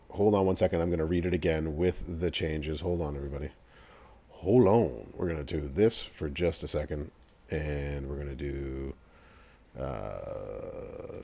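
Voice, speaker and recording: A man's voice: a bass voice, warm tone. A young man hosting a game livestream, chatting casually with viewers, laughing often and answering chat messages. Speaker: livestream host for a mobile game.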